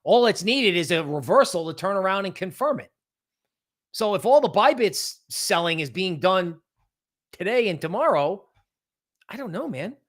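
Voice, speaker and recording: A man's voice: high-pitched, very animated, normal speed, a bit bright. A man hosting a livestream of crypto market analysis. He talks in a loose, rambling way and keeps adding "right?". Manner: rambling, conversational, often adds "right?"; mocks panicky traders in exaggerated voices. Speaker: crypto market show host.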